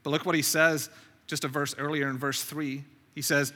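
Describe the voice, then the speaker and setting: A man with a very bright, fairly high voice gives a sermon as a visiting preacher. He talks in a chatty, storytelling way and often repeats his words as he goes. His voice rings out with a long reverb through the church sanctuary. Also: little pitch movement, moderate pace. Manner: conversational, anecdotal, repeats words. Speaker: guest preacher.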